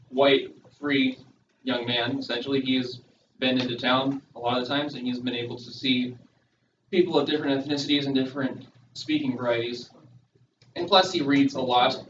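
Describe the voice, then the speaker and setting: A young man, a student, gives casual commentary on a book, halting and searching for words as he goes. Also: mid-range voice, fairly bright tone, a little hiss or hum. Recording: distant, echoey, dull room recording.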